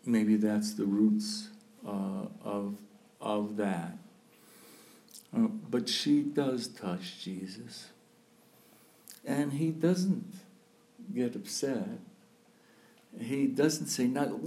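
A man, a priest, giving a slow, thoughtful sermon, pausing often to think aloud. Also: fairly low pitch, warm tone. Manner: slow, thoughtful preaching with frequent pauses and fillers.

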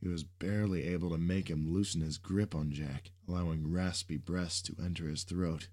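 A man reading an action story aloud in steady scripted narration. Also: sits low, moderate pace.

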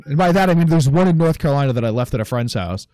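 A man's voice: medium pitch, lively intonation, rapid-fire, warm tone. A man co-hosting a podcast in casual chat, loose and profane, full of fillers. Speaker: podcast co-host.

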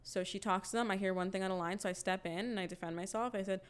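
A woman's voice: mid-range voice, fast talker, clear, resonant tone. A young woman telling a story in casual chat, swearing freely and acting out the quotes with energy. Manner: animated, profane storytelling with acted-out quotes.

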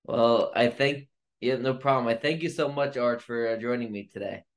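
A man at a middle pitch hosting a casual interview. He reacts to his guest with short encouraging remarks and closes the conversation in a friendly way. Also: moderate pace. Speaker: interview host.

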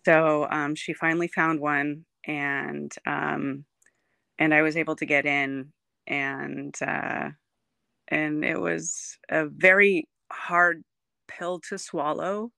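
Gravelly, halting voice telling a personal story. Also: medium pitch, flat delivery, pushed and bright, no room sound, studio quality. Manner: halting, with frequent ums and restarts; earnest, emotional storytelling. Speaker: guest sharing a recovery story. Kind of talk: personal testimony in an interview.

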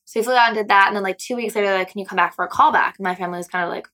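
Bright, fast-talking young woman. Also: medium pitch. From Seattle, United States. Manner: rambling, heavy filler words. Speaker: guest. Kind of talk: casual storytelling chat.

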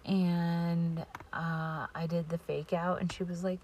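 A woman podcaster telling a rambling casual story, often slipping into breathy near-whispers. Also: on the low side, level tone, slow, hardly any pauses, darkish tone, a little hiss or hum.

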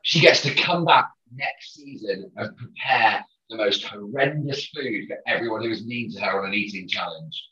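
Bright-voiced man on a distant, dull mic. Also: lowish voice, expressive, normal speed, hardly any pauses, echoey room. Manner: upbeat, jokey, hesitant starts. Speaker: podcast co-host. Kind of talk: casual podcast chat.

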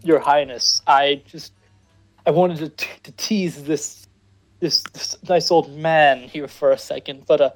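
A man's voice: fairly high pitch, steady tone, unhurried, soft background music. A man playing a tabletop game, nervous and stumbling over his words. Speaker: player.

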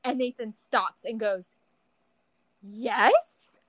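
A young woman co-hosting a podcast, chatting casually and telling an animated story, acting out quoted people with big pitch jumps. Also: normal speed, no echo, poor audio. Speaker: podcast co-host. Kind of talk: casual chat.

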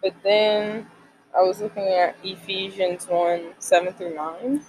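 Speaking slowly with fairly even intonation, this twenty-something college student has a mid-range, slightly mellow voice, captured in a rough recording. It's a faith devotional, a casual, rambling chat about faith and college life with plenty of fillers.

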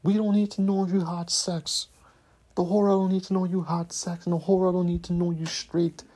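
A man's voice: high-pitched, flat delivery, brisk, warm tone. A man, hosting a podcast and delivering a profane, repetitive, scolding rant. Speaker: podcast host.

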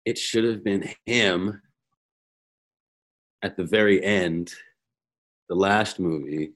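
A man's voice: low voice, takes it slowly. A man guesting on a podcast, telling stories in a casual chat, laughing often and restarting his sentences. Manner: animated storytelling, laughs often; repeats words, stumbles and restarts.

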